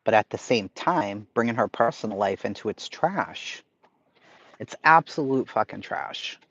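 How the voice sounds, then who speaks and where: A man's voice: lowish voice, expressive, a little slow, fairly bright tone, husky. Blunt, profane Boston man ranting. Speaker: livestream host reading chat. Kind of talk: casual chat. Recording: slightly lo-fi stream audio.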